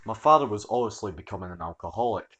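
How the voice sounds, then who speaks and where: A man narrating online stories in an animated, expressive storytelling manner. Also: lowish voice, fast, dull audio.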